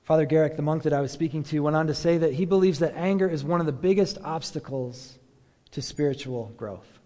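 A pastor gives a relaxed, conversational sermon, with a lot of "like" and "um" and questions put to his listeners. His voice sits a little high for a man. A long reverb trails after each phrase, as if he were speaking in a big hall. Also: a little fast. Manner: casual, many fillers, rhetorical questions.

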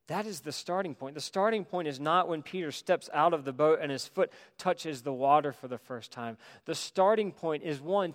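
A man delivers a sermon in a slightly raised voice, his words ringing out with a long hall reverb. He swings between emphatic, loud preaching and soft, hushed reflection. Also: a little high. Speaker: pastor.

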